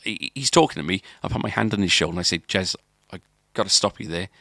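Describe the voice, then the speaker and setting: A man's voice: low-pitched, fast talker, gravelly, fairly bright tone, no echo. A man, a podcast co-host, telling a long story in casual chat, rambling with restarts and filler words.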